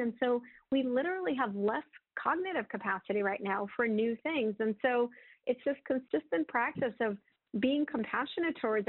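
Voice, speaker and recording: A woman's voice: on the high side, dry recording. A woman giving advice on a webinar in a chatty way, with many fillers. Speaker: webinar speaker. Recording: tinny phone-like line.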